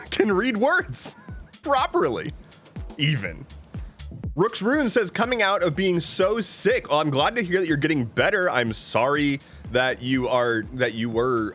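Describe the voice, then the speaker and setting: A man's voice: on the high side, fairly bright tone. A man chatting casually on a live stream, joking playfully and reading viewer messages aloud.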